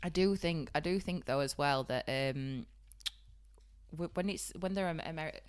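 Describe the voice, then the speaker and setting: Her voice sits low and smooth at a normal speed as she co-hosts a podcast, a beauty trainer from Yorkshire, England, with the accent to match. The talk about the beauty trade is casual, chatty, and full of giggles.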